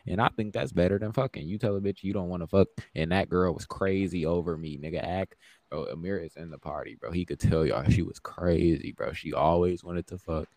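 Deep-voiced young man telling stories, dry sound. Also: a little fast, no room sound. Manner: profane, animated, acts out quoted dialogue. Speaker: podcast co-host. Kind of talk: casual storytelling chat.

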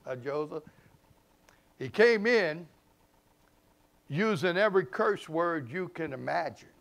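High-voiced New preacher. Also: male voice, lively intonation, slow pace, gravelly. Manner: impassioned preaching that swings between loud emphasis and hushed asides; conversational, informal grammar and repeated phrases. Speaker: pastor. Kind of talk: sermon.

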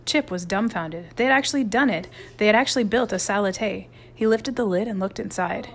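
A woman narrating a children's chapter book in a lively, expressive reading. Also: medium pitch, fairly quick. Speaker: audiobook narrator. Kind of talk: storybook narration.

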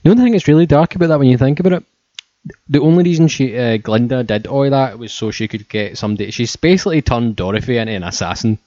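A man's voice: mid-range voice, lively intonation, fast talker, mellow, no room sound. A man in casual chat, rambling and joking with a lot of swearing. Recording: muffled, lo-fi, dry.

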